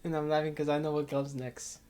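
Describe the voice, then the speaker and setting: Reading a visual novel aloud while commenting on it, this let's player talks fairly quickly in a slightly high, smooth voice with a darkish tone and flat delivery. He rambles, cuts himself off, and laughs a lot.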